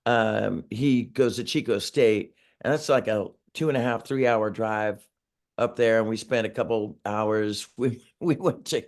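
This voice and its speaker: A man's voice: fairly low pitch, steady tone, measured pace, darkish tone. A man in his sixties, a singer being interviewed over a video call, talking casually in a rambling way with many restarts and chuckles. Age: 60s.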